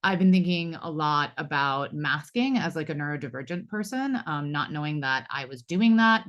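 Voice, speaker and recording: A woman in her 40s moderates a live roundtable panel discussion in a low-pitched, fairly bright voice. She speaks reflectively, with plenty of fillers and asides.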